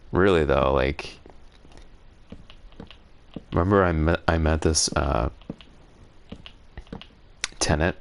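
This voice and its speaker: Very low gravelly man telling a story. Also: takes it slowly, pauses often, slight background noise. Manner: rambling, sarcastic, indignant, laughs often. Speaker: gaming streamer. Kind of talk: casual storytelling while playing.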